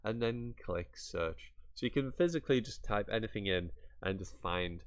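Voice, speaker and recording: A man with a somewhat low voice walks viewers through a website in a casual screen-share tutorial. He talks in a chatty, rambling way and drops in mock-exasperated asides as he clicks around. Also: animated, normal speed, smooth. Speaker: YouTuber.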